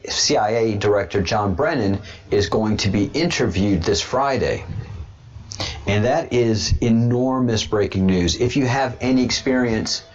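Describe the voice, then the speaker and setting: Rambling low-voiced livestream host. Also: male voice. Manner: rambling, repeats himself, restarts a lot. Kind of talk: casual political livestream commentary. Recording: dull lo-fi webcam sound.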